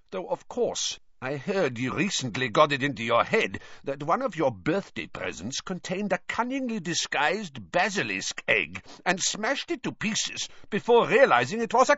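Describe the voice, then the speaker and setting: Brief: man as a cold mocking wizard headmaster, raised pitch, dry. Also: bright, forceful tone, dry recording, full character voice. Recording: dull, slightly lo-fi.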